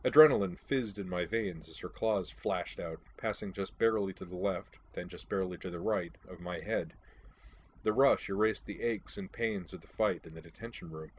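A man's voice: sits low, moderate pace, breathy edge. A man reading a first-person audiobook, telling the story in a wry, dry-humored way.

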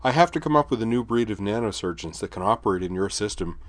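A man reading a story aloud, voicing a young woman scientist in a raised, brightened voice. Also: fairly low pitch, expressive, quick pace, no echo, natural voice. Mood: apologetic.

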